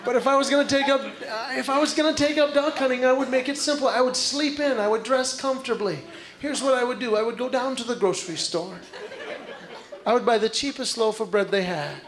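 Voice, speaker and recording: A male comedian delivers an animated stand-up routine, his voice sitting high for a man. He tells his stories with big, exaggerated outbursts. The live stage recording carries clear background noise. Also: brisk, a crowd in the background.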